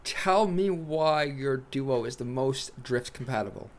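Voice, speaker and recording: A man hosting a casual podcast and posing the questions, playful and laughing as he pitches ideas. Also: measured pace. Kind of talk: casual banter.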